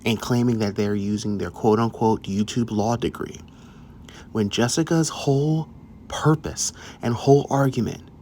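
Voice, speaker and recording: A man giving blunt, scolding commentary on a clip, talking straight to his viewers. His voice sits fairly low, and a faint hiss runs behind him. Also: a little mellow. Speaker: reaction video host.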